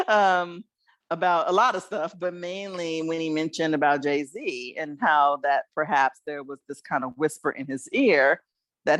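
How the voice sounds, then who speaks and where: A woman's voice: sits low, animated, measured pace, fairly bright tone, dry recording. A woman hosting a podcast, chatting reflectively and laughing between thoughts. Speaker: podcast host. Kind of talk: casual podcast discussion.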